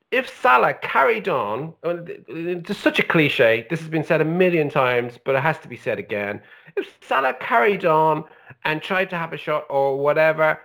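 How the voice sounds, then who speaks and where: Brief: man, casual football podcast, swearing ranter, lively pitch swings. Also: creaky. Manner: animated, swearing, ranting. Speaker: podcast co-host.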